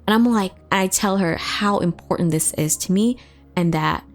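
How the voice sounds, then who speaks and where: A woman's voice: mid-range voice, normal speed, faint music behind. A woman vlogger telling a personal story in a casual, emotional way, full of fillers and swearing.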